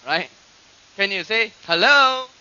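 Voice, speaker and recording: A man preaching a sermon, teaching from scripture and acting out quoted voices with animated emphasis. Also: high voice, normal speed. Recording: dull lo-fi archive recording.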